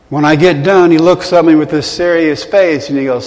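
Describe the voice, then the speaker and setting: A man's voice: a little high, a little fast, few pauses. Earnest man telling a story, echoing hall. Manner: earnest, self-deprecating storytelling with quiet emotional dips. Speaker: motivational speaker. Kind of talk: storytelling talk to a live audience. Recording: long hall reverb.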